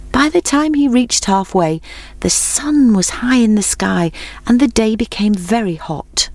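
Woman gently narrating a children's story. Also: fairly low pitch, no room sound.

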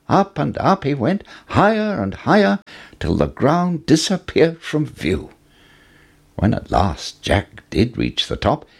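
A man reading a fairy tale aloud as a storyteller, with expressive rises and falls. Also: gravelly, husky. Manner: expressive, with wide swings in pitch.

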